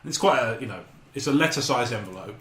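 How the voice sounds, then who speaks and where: A man's voice: mid-range voice, lively intonation, fast talker, fairly bright tone. A man hosting a podcast, telling a rambling story with jokes and frequent laughter. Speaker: podcast host. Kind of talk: casual chat. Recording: echoey room, faint noise.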